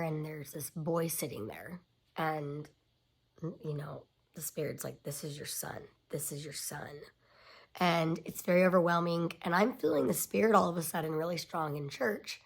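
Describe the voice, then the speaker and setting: A woman in her thirties telling a personal family story in a confiding way, often dropping to a near-whisper. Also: fairly low pitch.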